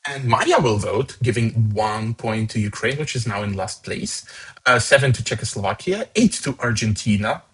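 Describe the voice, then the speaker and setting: In a rough recording, a man hosts a fan song contest, casually reading out each voter's points with chatty asides and upbeat remarks about the scores. His voice is medium-pitched and a bit bright with a breathy edge, animated and at a moderate pace.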